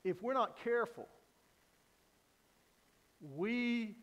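A man preaching a sermon as pastor, earnest, swinging from loud emphasis down to quiet, low lines. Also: expressive, extremely slow. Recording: long hall reverb.

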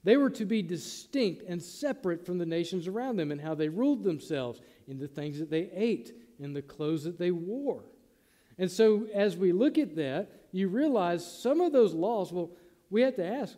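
A man's voice: high-pitched, lively intonation, moderate pace, dark tone, long reverb tail. A man preaching a sermon to his congregation in a conversational way, acting out the lines he quotes. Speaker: pastor.

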